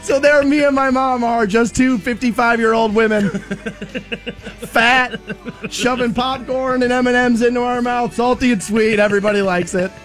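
A man hosting a rock radio show, telling stories loudly and laughing at himself between promo reads. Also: extremely high pitch, moderate pace, soft background music. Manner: animated, shouting storyteller who laughs at himself. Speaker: radio morning show host. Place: radio studio.

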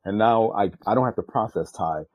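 An older man, a retired drug agent, telling a tense undercover story in an interview, profane and animated. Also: a little fast, dry recording, dull audio. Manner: animated, jumps loud and high acting out quotes; profane, street-style speech.

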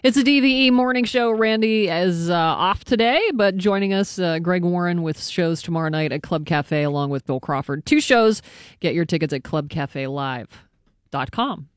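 A man in his forties hosting a radio morning show, upbeat and quick to laugh. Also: high voice, clear, resonant tone, no echo, clean studio sound. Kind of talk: casual chat.

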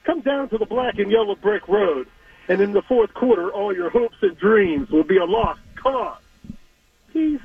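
A man's voice: high-pitched, animated, unhurried, husky. Playful man rapping over a phone line. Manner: playful, mocking, rhyming. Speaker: caller doing a weekly rap segment. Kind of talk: comic rhyming trash talk.

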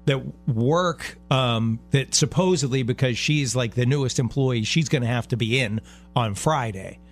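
A man's voice: medium pitch, moderate pace, soft background music. A middle-aged man hosting a radio show, chatting casually and getting heartfelt and a bit choked up.

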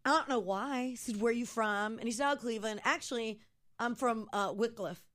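A woman's voice: on the high side, a little fast. A woman from Ohio co-hosting a radio talk show, telling stories in a casual chat and acting out the quoted lines. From Ohio, USA. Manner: animated, acts out quoted dialogue.

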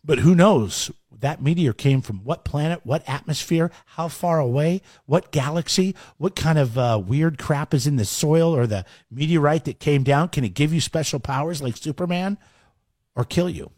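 A man hosting a morning radio show, telling a story in a lively, joking way. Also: a little high, normal speed, no echo, clean studio sound. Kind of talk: casual morning radio banter.

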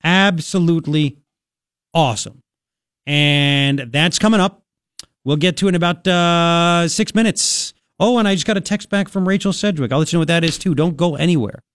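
A man's voice: a little high, normal speed, fairly bright tone, clean tone, no echo. A man hosting a talk radio show, sarcastic and jokey, with lots of fillers and restarts, into a studio microphone. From Long Island, New York. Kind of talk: opinionated talk radio monologue.

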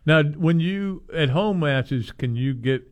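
A man's voice: on the high side, lively intonation, slow pace. A man co-hosting a sports talk show, rambling casually and chuckling as he interrupts himself. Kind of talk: casual sports radio chat.

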